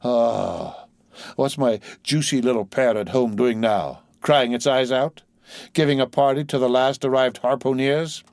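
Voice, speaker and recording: A man's voice: mid-range voice, measured pace, a little mellow, no echo, clean studio sound, pitched above the performer's own voice, lightly acted. A man voicing a merry, tipsy male sailor who talks in a giddy sing-song.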